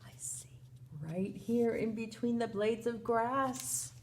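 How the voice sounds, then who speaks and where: A woman teacher reading a picture book aloud to young children in an animated way, gasping and asking them questions. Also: on the high side, slow, slight background noise.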